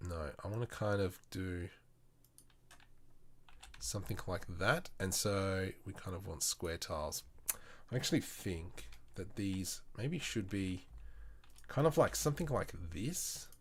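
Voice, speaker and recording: A man's voice: low voice, expressive, unhurried, pauses often. An Australian man live-streaming his 3D work, chatting with viewers and thinking aloud as he works. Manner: chatty, thinks aloud, mutters while working. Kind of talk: casual live-stream tutorial.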